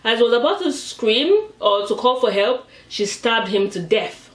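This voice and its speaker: A woman's voice: on the high side, normal speed. A young Nigerian woman vlogger with a Nigerian accent, retelling a story animatedly as she eats. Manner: animated, dramatic retelling, acts out voices. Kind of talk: storytime chat while eating. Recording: roomy, mic at a distance.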